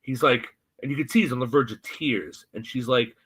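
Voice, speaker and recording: A man co-hosting a podcast, chatting casually and retelling a TV scene with animated, acted-out quotes. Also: mid-range voice, fairly quick, breathy edge, poor audio. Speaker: podcast co-host. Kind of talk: casual chat recapping a TV episode.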